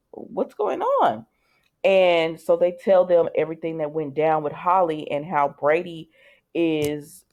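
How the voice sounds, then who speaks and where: A woman's voice: sits low, a little mellow. A woman giving a casual, rambling spoken recap of a soap opera episode, with many fillers, restarts and chatty asides.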